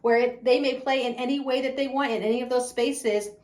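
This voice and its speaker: A woman's voice: high-pitched, steady tone, brisk, darkish tone, reverberant. A woman who runs a preschool, talking about it with gushing enthusiasm and frequent laughter. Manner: effusive, gushing, laughs often. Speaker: preschool teacher and owner. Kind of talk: enthusiastic promotional talk.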